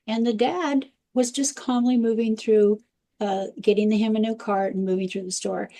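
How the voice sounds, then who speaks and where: Woman parenting expert, mellow tone, storyteller's delivery, interview guest. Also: a little high. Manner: animated anecdotal storytelling.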